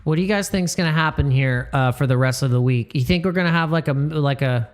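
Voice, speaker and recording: Man, crypto live-stream host, casual rambling chat, slangy, repeats himself, fairly high voice. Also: fast talker, clear, resonant tone.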